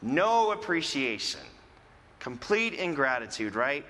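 Male pastor, high bright voice, slow, expressive sermon delivery, echoing hall. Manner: expressive, wide-ranging delivery with dramatic drops in pitch.

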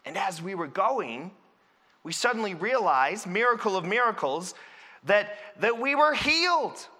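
A preacher as an outcast Samaritan leper. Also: male voice, high-pitched, sing-song, measured pace, bright, forceful tone, heavily acted. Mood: earnest. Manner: earnest, emphatic storytelling. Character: grieving Samaritan leper man, outcast and earnest. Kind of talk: first-person dramatic sermon monologue. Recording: long reverb in a large hall.

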